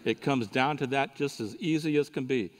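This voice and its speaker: A man's voice: mid-range voice, normal speed. A man giving a sermon at a conference, telling a folksy joking story to the audience. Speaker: conference speaker. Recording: reverberant hall recording.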